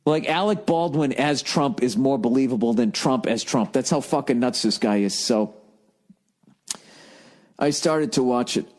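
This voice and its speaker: A man's voice: mid-range voice, measured pace, darkish tone. An American man hosting a solo comedy podcast, ranting with heavy profanity and sarcasm. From United States. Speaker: podcast host.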